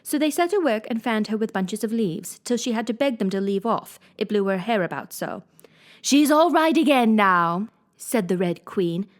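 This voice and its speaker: A woman reading a classic storybook aloud in an expressive manner. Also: medium pitch, normal speed, few pauses. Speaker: reader.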